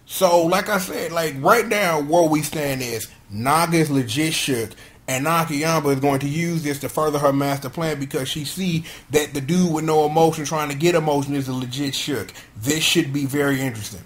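A man's voice: on the high side, normal speed. A man giving a casual, joking video review of a kids' superhero episode in heavy slang. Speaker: show reviewer.

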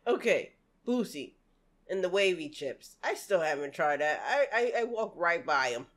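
A woman hosting a casual reaction video, exclaiming and laughing loudly in chatty slang. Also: on the low side, lively intonation, normal speed.

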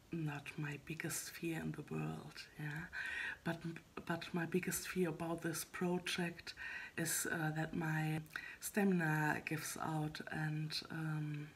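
A woman talking in a casual solo vlog about her writing progress, soft and half-whispered, hesitant and halting with many fillers and restarts. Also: deep voice, a little hiss or hum. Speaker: web fiction writer vlogging her progress.

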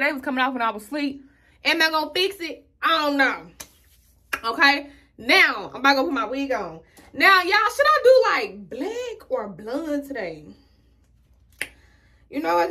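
A woman's voice: sits high, pushed and bright. A young woman filming a casual get-ready-with-me tutorial at home, chatting straight to her viewers and calling them "y'all". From Houston, Texas. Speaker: beauty vlogger. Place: at home, indoors.

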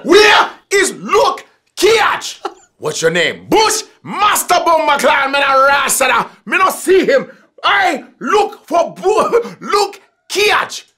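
A man voicing a loud Jamaican-accented male villain who keeps shouting for his enemy. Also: sing-song, slow, full character voice. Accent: put-on Jamaican. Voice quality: shouting, high, drawn out.

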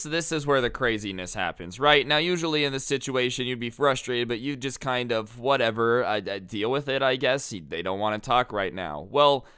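A man tells a story in a chatty, slangy way, dropping animated asides to his viewers. His voice is smooth and clear, recorded close and dry with no room sound. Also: mid-range voice, no room sound. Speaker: storytime YouTuber. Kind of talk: casual storytelling.

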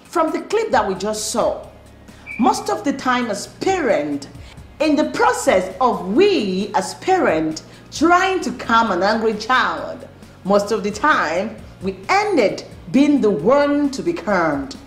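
A woman's voice: fairly high pitch, very animated, slow. A woman parenting coach giving earnest advice, repeating her key points. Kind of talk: instructional talk to camera. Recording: roomy, faint music.

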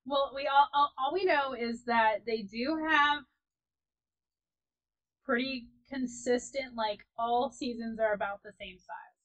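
A woman chatting casually as she plays a co-op farming game, giggly and often trailing off softly. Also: fairly high pitch, a little slow, rough recording. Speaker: let's play host. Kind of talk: casual gaming commentary.

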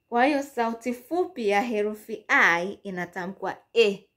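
A woman whose first language is Swahili, teaching English phonics at a very slow pace. She stretches out each vowel sound and repeats it several times, moving between English and Swahili. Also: mid-range voice, animated, a bit bright.

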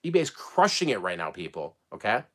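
A middle-aged man giving casual advice as a channel host, blunt and animated, swearing casually and laughing often. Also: on the low side, a little fast. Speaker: eBay reseller and channel host.

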